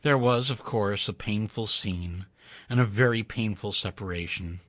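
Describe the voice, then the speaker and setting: A man narrating a story in an expressive, wry, measured reading. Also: on the low side, no echo.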